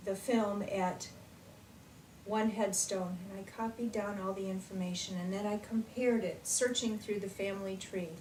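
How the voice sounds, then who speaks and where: Excited woman telling a story, roomy and distant. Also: medium pitch, moderate pace, a little hiss or hum. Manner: excited, animated retelling. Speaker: interviewee telling her family story. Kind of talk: personal storytelling.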